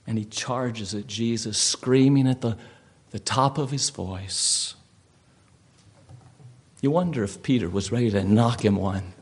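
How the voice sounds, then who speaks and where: A man's voice: on the low side, a little slow, long pauses. A male preacher giving a sermon, telling a vivid story and putting questions to his listeners.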